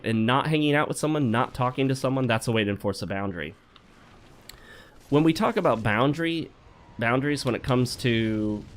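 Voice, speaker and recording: A man's voice: medium pitch, slight background noise. Wry, chatty male let's-play host. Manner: chatty and wry, joking asides while playing. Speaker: gaming channel host. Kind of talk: let's play commentary mixed with advice talk.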